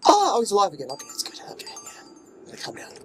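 A man's voice: sits high, huge pitch swings, rapid-fire, music in the background. A man casually commenting on his gameplay at home, playful, cooing baby talk at his character and swinging from muttering to exclamations. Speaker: let's play gamer. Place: home room with his dogs nearby.

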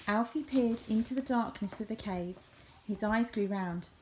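A woman reading a children's picture book aloud, with expressive storytelling. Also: on the high side, normal speed, noisy background. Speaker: storybook reader.

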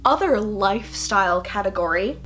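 A woman's voice: medium pitch, expressive, normal speed, a bit bright. A young woman, a fashion student, chatting casually to camera in a bubbly, giggly, playfully rambling way.

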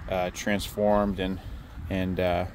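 A man with a monotone voice giving a blunt, casual walkthrough of his work trailer, swearing freely and joking dryly at his own expense. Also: deep voice, slow pace, a little hiss or hum. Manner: blunt, casual, swears, dry self-mocking humor. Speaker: pressure washing business owner. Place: outdoors beside a work trailer.

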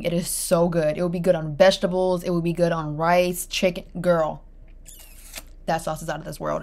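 A woman's voice: medium pitch, a bit bright, a little hiss or hum. Young woman vlogger, chatty and casual, roomy kitchen with clinking dishes. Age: young adult. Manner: chatty, talks to herself and viewers. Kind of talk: casual vlog chatter while cooking. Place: home kitchen. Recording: echoey kitchen with clattering dishes. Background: cutlery and dish clatter.

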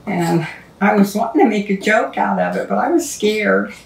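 A woman's voice: medium pitch, normal speed, vocal fry, noisy background. A woman hosting a home cooking show, chatting casually and rambling into stories as she cooks. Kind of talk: casual cooking demonstration with storytelling. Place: home kitchen. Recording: echoey kitchen, mic at a distance. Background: clatter of dishes and utensils.

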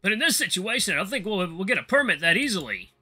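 A man's voice: high voice, big pitch swings, fast, sharp tone, slightly rough, faint music behind, pitched above the performer's own voice, heavily acted. A man voicing a timid, hesitant young male cook who stammers. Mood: unsure.

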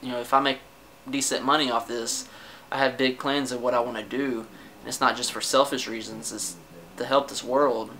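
A man's voice: medium pitch, fairly even intonation, normal speed, sharp tone, slight background noise, low-quality recording. A young man venting to his camera in a casual personal rant, defensive and frustrated, swearing a lot and often stopping to restart his sentences. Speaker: vlogger. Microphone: camera mic.

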